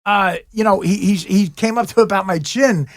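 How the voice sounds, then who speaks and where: A man's voice: sits high, moderate pace, dry recording, studio quality. A man, a comedian guest, telling rambling anecdotes on a podcast and laughing at his own jokes. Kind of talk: casual podcast storytelling.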